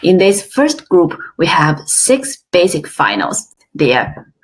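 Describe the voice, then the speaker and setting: A woman teaching an online language class, modeling sounds slowly and with exaggerated tones, praising often. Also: on the low side, wildly swooping pitch, slight background noise. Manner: slow, careful, exaggerated tone demonstrations; encouraging, frequent praise. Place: online webinar.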